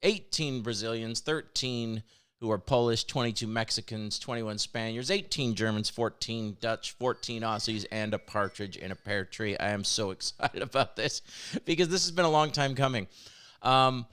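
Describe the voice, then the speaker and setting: A man's voice: mid-range voice, normal speed, fairly bright tone, smooth. A man hosting a weekly developer livestream, talking chattily and enthusiastically in casual announcements, often laughing. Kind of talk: casual live-cast announcements.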